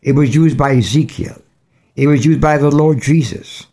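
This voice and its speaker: A man preaching a sermon, reading scripture and speaking with deliberate, emphatic rises. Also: a little high, a little mellow. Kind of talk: radio sermon.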